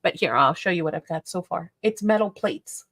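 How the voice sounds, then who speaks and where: A woman hosting a live crafting demonstration, chatty and excitable, often breaking into laughter. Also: on the low side, normal speed, no room sound, clean studio sound. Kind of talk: live crafting demo chat.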